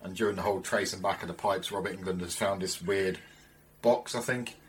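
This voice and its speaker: A man's voice: sits low, fairly even intonation, a little fast, a little hiss or hum. A man co-hosting a podcast, chatting casually and enthusiastically, swearing freely as he rambles through retellings. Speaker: podcast co-host. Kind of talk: casual chat.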